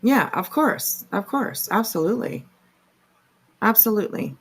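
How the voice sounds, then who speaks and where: A woman's voice: mid-range voice, expressive, measured pace, husky. A woman hosting a casual reaction chat, rambling with lots of "like" and "um". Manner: rambling, heavy with "like" and "um". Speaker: commentary host.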